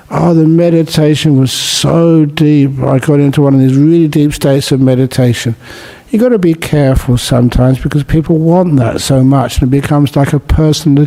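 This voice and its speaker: A Buddhist monk giving a relaxed dharma talk at a city meditation centre, teaching gently and mixing in humorous stories. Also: male voice, fairly high pitch, creaky. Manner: humorous, storytelling with jokes.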